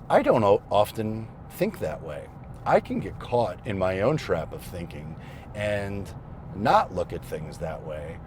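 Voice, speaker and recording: A man in his thirties, a vlogger, telling a family story casually and reflectively, with fillers and pauses. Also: on the low side, darkish tone, slight background noise.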